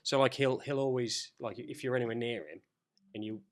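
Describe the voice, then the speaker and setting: Animated man chatting casually. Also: mid-range voice, a little fast. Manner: animated storyteller, swearing, acts out quoted voices. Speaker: podcast co-host. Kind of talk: casual chat.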